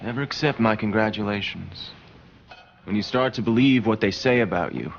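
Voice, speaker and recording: An actor playing a solemn male bowling mentor who gives slow, hushed advice. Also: fairly low pitch, vocal fry, lo-fi sound, slight background noise.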